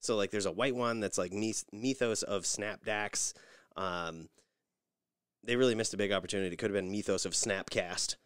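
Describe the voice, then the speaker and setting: A man co-hosting a casual podcast, telling stories with lively mimicry of other people's voices. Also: lowish voice, normal speed, smooth, no echo, studio quality. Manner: animated storyteller, mimics voices in anecdotes. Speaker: podcast co-host. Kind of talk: casual chat.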